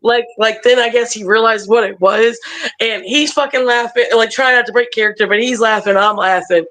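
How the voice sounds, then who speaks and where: A woman wrestler telling stories as a podcast guest over a video call, animated and profane, laughing often. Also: fairly high pitch, brisk, poor audio. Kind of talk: casual storytelling.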